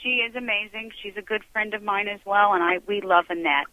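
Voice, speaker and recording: A man's voice: high voice, fairly quick, pushed and bright, dry recording. A man hosting a radio show, chatting casually with a guest and gushing with praise. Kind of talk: casual interview chat. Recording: tinny phone line.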